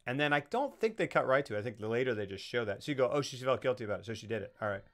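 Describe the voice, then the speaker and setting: A man's voice: mid-range voice, expressive, rapid-fire, a bit bright. A man co-hosting a casual film review chat, retelling scenes in mock quotes and swearing freely. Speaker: podcast co-host.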